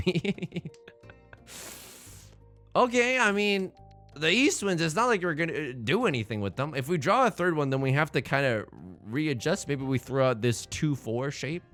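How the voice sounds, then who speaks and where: An excitable young man commentating his own game, joking as he plays. His voice moves in a lively way, from sudden loud outbursts to quiet grumbling. Faint music plays behind him. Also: mid-range voice. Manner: excitable, jokey, swings from shouting to muttering. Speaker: let's play host.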